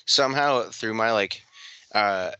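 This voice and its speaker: A young man with a lowish, bright, forceful voice rambles through a casual podcast chat. He leans on filler words and tells things loosely. The sound is dry and close. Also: a little slow, smooth, no room sound, poor audio. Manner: rambling, heavy filler words, laughs often. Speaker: podcast co-host.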